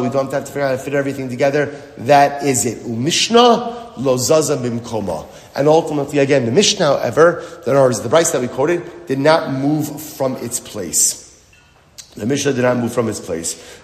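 A man's voice: on the high side, a little hiss or hum. A man explaining a Talmud passage in an emphatic way, repeating phrases and asking rhetorical questions. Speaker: Talmud teacher. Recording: echoey hall with long reverb.

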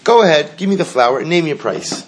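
A man's voice: mid-range voice, very animated, moderate pace, a little hiss or hum, natural voice. A man voicing a pushy, well-dressed rich man who insists on bargaining. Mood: insistent.

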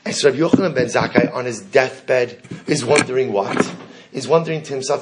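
Animated man teaching a Talmud class. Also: medium pitch, normal speed. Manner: animated, rhetorical questions, repeats phrases. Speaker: Torah teacher.

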